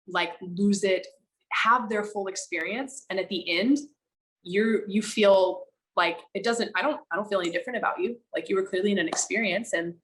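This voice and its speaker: A woman speaking candidly as a podcast guest, animated and emphatic, slowing down to stress her words and now and then swearing for emphasis. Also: mid-range voice, low-quality recording. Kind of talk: candid conversational storytelling.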